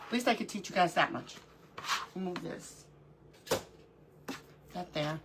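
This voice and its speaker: A woman's voice: on the low side, animated, unhurried, background noise. A middle-aged woman hosting a live crafting stream, chatting casually, greeting viewers by name and talking to herself as she works. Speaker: livestream crafting host.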